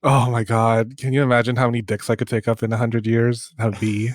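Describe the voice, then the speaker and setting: A man's voice: medium pitch, flat delivery, brisk, no echo, clean studio sound. Campy, raunchy young male podcast host.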